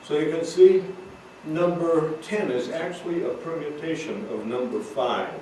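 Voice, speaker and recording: A man's voice: a little high, unhurried, a little mellow. A man teaching drum rudiments in a recorded lesson, patiently explaining and counting out rhythms. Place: room with drum kit. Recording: roomy echo, distant mic, noisy.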